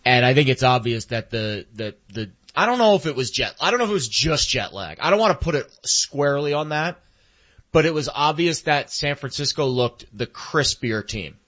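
A man's voice: mid-range voice, big pitch swings, normal speed, fairly bright tone, lo-fi sound. A man co-hosting a sports show, rambling through loose everyday comparisons. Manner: rambling, uses homely comparisons. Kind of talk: casual sports chat.

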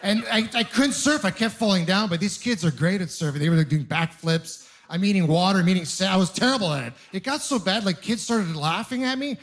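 A man's voice: high voice, expressive, a little fast, hardly any pauses, fairly bright tone. A man in his thirties doing a conversational, self-deprecating stand-up routine with rambling asides. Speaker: stand-up comedian. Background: audience laughter.

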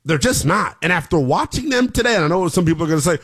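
Male sports talk host, lively pitch, slightly high, brash and opinionated. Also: fast. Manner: brash, emphatic, repeats for punch. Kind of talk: opinionated college football talk.

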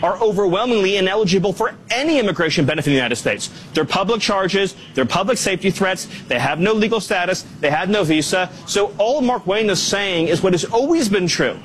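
A man's voice: high voice, expressive, fairly bright tone, a little hiss or hum. A man speaking as a government official, delivering firm, emphatic political talking points. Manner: firm, emphatic, rapid-fire. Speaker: government official interviewed on air.

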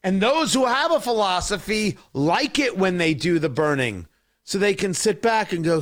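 Male talk radio host, high voice, very animated pitch, combative and mocking. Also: moderate pace. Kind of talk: opinionated political monologue.

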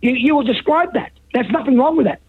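A man's voice: very high-pitched, lively intonation, fast talker. An Australian man calling in to a talkback radio show, talking in a rambling, repetitive and emphatic way. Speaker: caller. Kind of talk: talkback radio phone call. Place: phone call into a radio show. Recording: dull lo-fi phone line.

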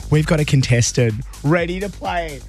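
Croaky Australian radio host, excitable. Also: male voice, fairly high pitch, over music. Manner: quick, chatty and excitable. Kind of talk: upbeat radio quiz hosting.

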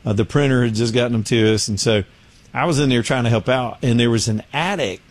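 A man's voice: mid-range voice, quick pace, no room sound. A man hosts a radio talk show and spins loose, chatty stories. He slips into other people's voices as he tells them and laughs often, in an easy conversational tone. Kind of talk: casual chat.

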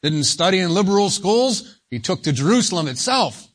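A man preaching a sermon, slow and emphatic, leaning on single words for stress. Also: sits high, very animated. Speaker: pastor.

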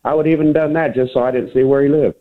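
Male caller, quick and rambling, tinny phone line. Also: medium pitch, steady tone. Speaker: radio show caller. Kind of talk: casual phone-in chat.

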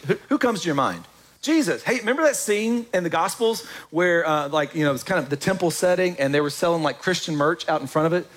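A man preaching a sermon in a church, lively and joking with the congregation. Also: a little high. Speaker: pastor.

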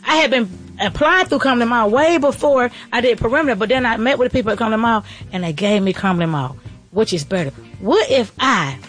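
A middle-aged woman gives an excited, preachy motivational faith talk as a podcast host, repeating her phrases. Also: a little high, quick pace, soft background music. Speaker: podcast host and restaurant owner.

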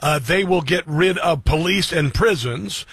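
A man hosting a talk radio show, indignant and prone to loud outbursts, in a casual back-and-forth with a co-host. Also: on the high side, measured pace, husky, dry recording.

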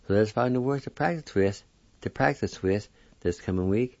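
A man teaching a language lesson, deliberately spelling out and sounding each syllable one by one. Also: lowish voice, expressive, darkish tone, no echo. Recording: dull lo-fi recording.

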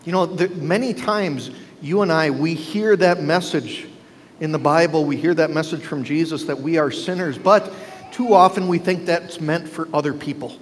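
A man's voice: a little high, moderate pace, a little hiss or hum. Man preaching in a reverberant church. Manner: preaching with rhetorical questions to the congregation. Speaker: pastor. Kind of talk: sermon. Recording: long reverb with faint ambience.

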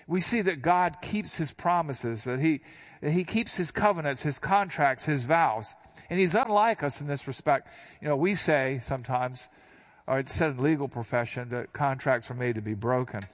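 Older man teaching a Bible passage. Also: medium pitch. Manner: explains verse by verse in a relaxed, plain-spoken way; slows down when reading scripture. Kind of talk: conversational sermon.

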